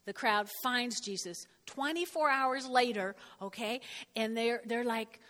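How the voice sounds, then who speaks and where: A woman's voice: a little high, measured pace, bright, forceful tone, long reverb tail. A woman reading a Bible passage and explaining it in a conversational way. She often asks "okay?" and acts out the lines she quotes. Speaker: Bible teacher.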